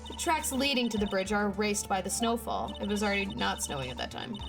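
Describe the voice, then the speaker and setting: A woman voicing a haughty young female prosecutor from a courtroom game, reading her lines in a lowered, cutting voice. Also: big pitch swings, fast talker, gravelly, over music. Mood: scornful.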